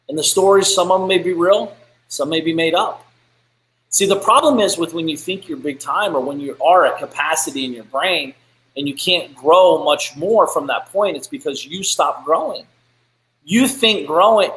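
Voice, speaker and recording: A man's voice: on the high side, fairly bright tone. A man hosting a live business show, giving a blunt, profane, fired-up motivational rant. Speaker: business podcast host. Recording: echoey room.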